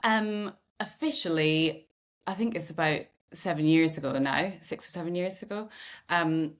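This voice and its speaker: A middle-aged woman from Scotland, a podcast host, speaking candidly and thoughtfully in relaxed conversation with some self-deprecating humour. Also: fairly low pitch, moderate pace. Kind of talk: reflective conversational chat.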